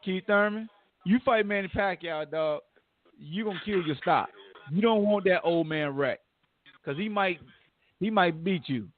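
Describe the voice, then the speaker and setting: A man with a high voice hosts a sports podcast and rants in casual slang. He pokes fun at whoever he is talking about. The sound is thin and narrow, like a phone line. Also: measured pace, pauses often, slight background noise. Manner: animated, trash-talking rant with slang. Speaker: podcast host.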